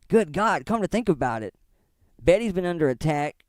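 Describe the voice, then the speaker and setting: A man's voice: on the high side, big pitch swings, moderate pace, no echo, studio quality. A middle-aged man giving casual, profane commentary on online drama, rambling and laughing often as he talks. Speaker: commentary streamer.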